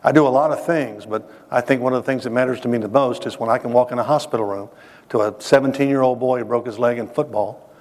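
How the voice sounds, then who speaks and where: A man's voice: mid-range voice, quick pace, a little mellow. A man giving an earnest, emphatic sermon-style testimony and addressing listeners directly. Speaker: speaker. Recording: long hall reverb.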